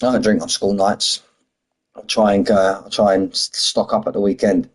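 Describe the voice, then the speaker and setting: Chatty husky British man streaming. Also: on the low side, fairly even intonation, moderate pace, low-quality recording. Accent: British English. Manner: chatty, banters with chat, drops h's and says "mate". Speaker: sim racing streamer. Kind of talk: casual live-stream chat.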